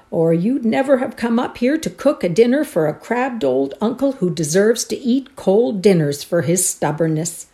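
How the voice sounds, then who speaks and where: A woman's voice: medium pitch, pitched above the performer's own voice, lightly acted. A woman voicing a crabbed old uncle in a read-aloud story, speaking earnestly and with regret. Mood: tender. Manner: earnest, warmly apologetic. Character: gruff, remorseful old bachelor uncle.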